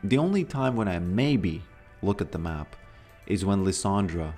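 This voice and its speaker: A man's voice: low voice, animated, normal speed, dark tone, soft background music. A man from Latvia with a Latvian accent, chatting casually and rambling with many fillers while streaming a game. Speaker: gaming streamer. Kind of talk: casual live-stream chat while playing.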